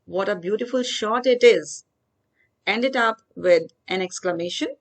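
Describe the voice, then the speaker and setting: A woman teaching grammar. She reads each worksheet example slowly, then explains the answer step by step. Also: medium pitch. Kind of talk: worksheet walkthrough lesson.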